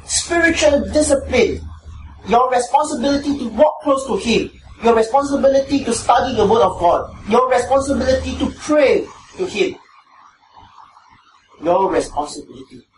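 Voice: mid-range voice, animated, moderate pace. A preacher with a Singaporean English accent giving an emphatic sermon, repeating key phrases for stress. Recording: echoey room, distant mic, background noise.

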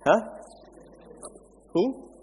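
A man's voice: very slow, dull audio. A man preaching a conversational sermon, asking the congregation questions as he goes. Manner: asks the congregation questions, animated and chatty. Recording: echoey hall with faint background noise.

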